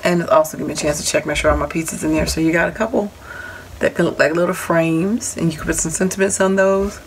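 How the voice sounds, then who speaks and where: A woman's voice: on the low side, steady tone, fast, poor audio. A woman casually showing and explaining craft dies in a home vlog, chatty, with apologetic asides. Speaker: crafting vlogger showing a haul. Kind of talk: casual show-and-tell. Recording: audible background noise.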